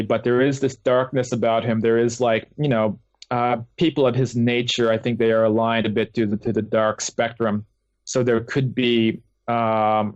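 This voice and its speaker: A man's voice: medium pitch, no room sound. A man, a guest author, telling his experiences in a casual interview with lots of fillers and restarts. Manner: rambling, with many fillers and restarts. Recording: dull lo-fi dry call audio.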